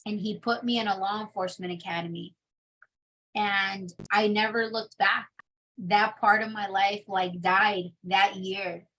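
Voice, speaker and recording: A young adult woman telling her personal testimony in an interview, in a casual, animated storytelling manner. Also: medium pitch, a little slow. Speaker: interview guest.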